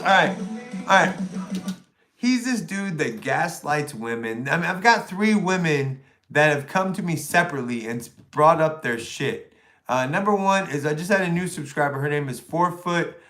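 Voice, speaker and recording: A man's voice: fairly high pitch, lively intonation, moderate pace, fairly bright tone, soft background music. A middle-aged man, ranting and taunting crudely as a livestream host. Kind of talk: profane livestream rant.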